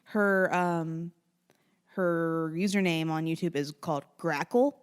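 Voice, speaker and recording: A woman's voice: lowish voice, takes it slowly, clear, resonant tone. A young woman co-hosting a casual podcast. She talks in a chatty way, often trails off, and loses her place in her notes. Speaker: podcast co-host. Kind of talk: casual chat.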